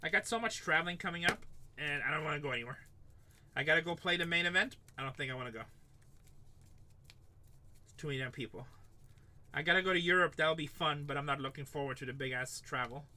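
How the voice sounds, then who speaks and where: Middle-aged male break host, rambling jokey patter, forceful bright tone. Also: fairly high pitch, quick pace, pauses often. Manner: rambling, joking, swears casually, calls out teams. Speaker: live card break host. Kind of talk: livestream sales chat.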